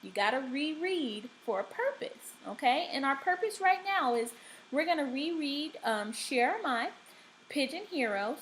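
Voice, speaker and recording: A woman teacher giving a recorded reading lesson, speaking deliberately and checking in often with the class. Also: sits high, slight background noise, poor audio. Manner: slow, deliberate, checks in with frequent "okay?".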